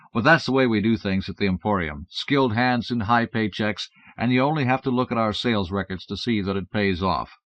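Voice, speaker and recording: A man with a fairly low voice reads a first-person story aloud in a wry, matter-of-fact manner. The recording is a dull, dry old cassette with no room sound at all. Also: a bit bright, no echo. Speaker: audiobook narrator. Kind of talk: first-person audiobook narration.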